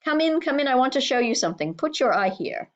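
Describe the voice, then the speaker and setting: A woman reading a brisk, eager male doctor. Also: sits high, very animated, highs cut off, voice pushed up.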